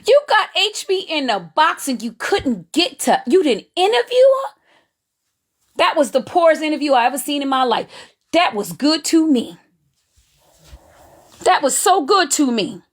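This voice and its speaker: A woman's voice: sits high, moderate pace. A woman hosting a live stream, giving gleeful gossip commentary on other streamers. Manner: animated, gleeful, drawling Southern Black vernacular phrasing.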